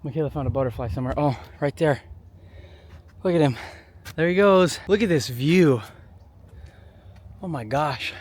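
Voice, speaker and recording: A young man from Colorado talks to his handheld camera in a casual travel vlog. He reacts to each view with eager exclamations and sounds slightly out of breath on the uphill stretches. Faint outdoor noise sits behind him. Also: mid-range voice. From Colorado, USA. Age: 20s. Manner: chatty, easily amazed, exclaims at views. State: out of breath while hiking uphill. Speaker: vlogger. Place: outdoors and in a car, on a hillside trail.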